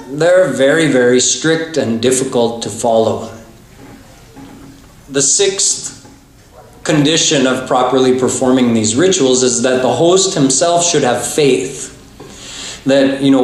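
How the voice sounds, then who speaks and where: Male spiritual teacher, unhurried lecture delivery, storytelling with self-corrections; roomy, echoing temple hall sound. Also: medium pitch. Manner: explanatory, storytelling, with many restarts. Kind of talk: religious lecture.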